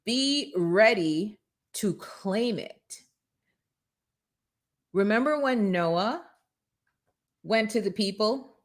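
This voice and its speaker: Energetic woman hosting a motivational show. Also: mid-range voice, drawn-out words, long pauses. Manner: energetic, preachy, talks straight to viewers. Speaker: host. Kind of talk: motivational live show chat.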